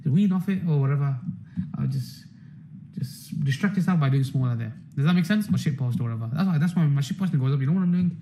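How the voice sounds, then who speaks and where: A man's voice: a little high, animated, fast, warm tone, slight background noise, low-quality recording. Profane rambling man ranting. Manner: rambling, swearing, repeats himself. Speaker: trader hosting a members' market stream. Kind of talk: casual profane rant to members.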